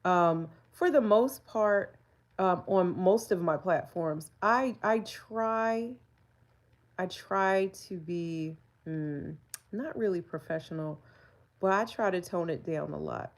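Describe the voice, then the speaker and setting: A woman's voice: on the low side, takes it slowly. A woman, chatting candidly on a live stream and laughing often. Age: 40s. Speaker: livestreamer. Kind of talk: casual live-stream chat.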